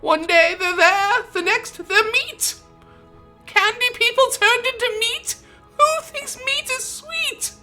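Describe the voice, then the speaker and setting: Shrill, self-pitying candy princess, very high. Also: female voice, slow pace, pushed and bright, faint music behind, exaggerated voice. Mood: whiny. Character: grieving, whiny female candy princess.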